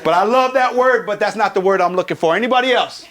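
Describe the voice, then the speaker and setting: Guy from california hyping up a conference crowd, cusses a lot, pretty high voice. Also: quick pace. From Pomona, California. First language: Tongan. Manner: energetic, profane, joking with the crowd. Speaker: keynote speaker. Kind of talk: motivational keynote. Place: conference hall.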